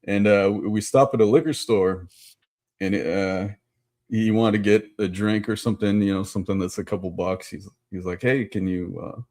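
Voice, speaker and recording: A man co-hosting a podcast, telling a story in a casual, halting way, repeating words as he goes. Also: lowish voice, fairly even intonation, darkish tone. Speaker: podcast co-host.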